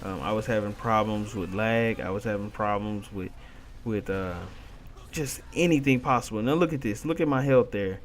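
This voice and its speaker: A man's voice: lowish voice, normal speed, a little hiss or hum. A young man giving casual gameplay commentary, ranting in frustration about his teammates and repeating himself often. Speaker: gaming video commentator.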